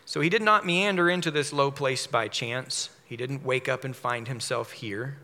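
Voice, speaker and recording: A man preaching a measured sermon, explaining a psalm verse by verse. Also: mid-range voice, sharp tone. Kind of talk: expository sermon. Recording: long hall reverb.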